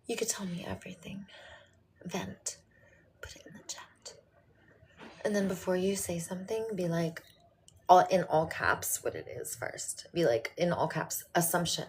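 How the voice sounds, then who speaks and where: A middle-aged woman speaking tenderly to her viewers like a mother, often sinking to a whisper and then bursting out loud. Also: lowish voice, a little slow. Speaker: host talking to her viewers. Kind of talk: intimate motherly address to viewers.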